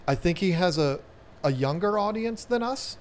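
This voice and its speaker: A man's voice: high-pitched, animated, moderate pace, slight background noise. A man with a Southern US accent hosting a casual live chat, rambling and repeating words as he talks. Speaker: aquarium channel host.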